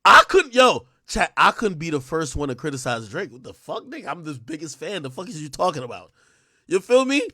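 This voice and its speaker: Excitable high-voiced man ranting loudly. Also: a little fast, no echo, clean studio sound. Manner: loud, excitable, shouts and laughs often; profane, addresses chat directly. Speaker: livestream host. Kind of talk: casual livestream rant.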